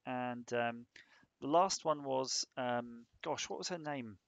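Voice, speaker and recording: A man's voice: mid-range voice, takes it slowly, gravelly, a bit bright, no echo, dull audio. A man on a casual live stream, rambling and joking while he thinks aloud about a hardware design.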